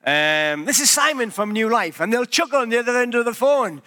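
A British pastor with a high, bright voice preaches in a loose, conversational way, dropping playful asides to his congregation. His words ring out with a long reverb through a large church sanctuary. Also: expressive, a little fast. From Britain. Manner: chatty, jokey asides to the congregation. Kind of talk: conversational sermon.

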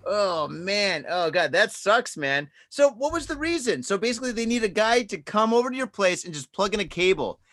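A high-pitched, lively man co-hosts a casual podcast, cracking profane jokes and riffing loudly on his co-host's stories. His voice jumps all over, playful and animated. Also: moderate pace, hardly any pauses. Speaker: podcast co-host. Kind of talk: casual chat. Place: Japan.

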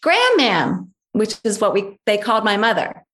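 Speaking a little fast in a mid-range voice with little pitch movement, this woman shares a family story as a guest in an interview. Her telling is emphatic and full of repeated key phrases, and she imitates others' voices when quoting them.

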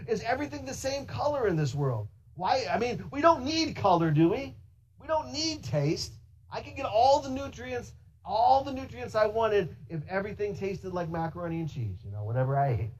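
A pastor preaching a sermon in an animated way, asking the congregation rhetorical questions and speaking to them directly. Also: mid-range voice, normal speed, a little hiss or hum, low-quality recording.

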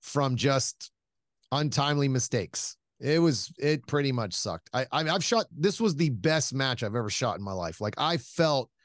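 A man hosting a casual chat, telling stories in an animated, self-mocking way, swearing freely and laughing often as he talks. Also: mid-range voice, normal speed, no room sound, studio quality. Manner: laughs often while talking. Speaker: podcast host.

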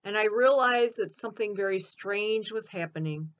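A woman playing Mary Magdalene, telling her own story in an earnest, expressive first-person monologue. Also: mid-range voice, normal speed, highs cut off, natural voice.

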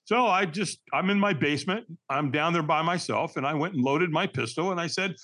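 Animated man in his sixties telling his story. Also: a little high, a little fast, hardly any pauses. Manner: animated, emphatic, laughs through hard memories. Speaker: podcast guest. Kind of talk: candid personal storytelling.

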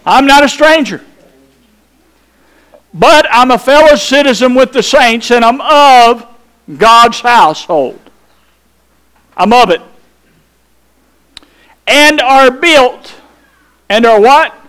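In a sermon, a pastor's very high-pitched voice comes through clean and fairly bright. He preaches with slow emphasis, lengthening his phrases and putting rhetorical questions to the people before him.

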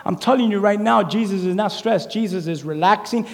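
A man preaching a sermon in a church, animated and conversational, acting out little quotes as he goes. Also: sits high, a little fast, vocal fry. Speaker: pastor. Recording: echoey hall reverb.

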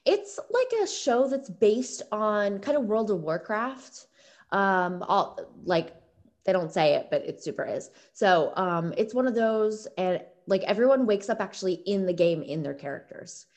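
A woman's voice: mid-range voice, expressive, unhurried, darkish tone. A woman chatting casually as a podcast guest, rambling with many fillers like "like" and "um". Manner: chatty, lots of likes and ums. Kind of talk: casual chat.

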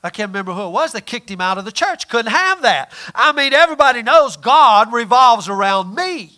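A man preaching a folksy, emphatic sermon, swinging between loud points and quiet asides. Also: very high-pitched, very animated, a little fast.

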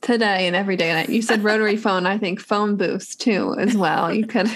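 A woman's voice: medium pitch, a little fast. A woman hosting a podcast, thanking her guest in an effusive, gushing way. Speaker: podcast host. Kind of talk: casual interview chat.

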